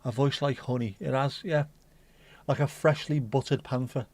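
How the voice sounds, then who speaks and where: A man's voice: medium pitch, moderate pace, a little mellow. A middle-aged man hosting a casual livestream and chatting in a playful, cheeky, rambling way. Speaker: livestream host.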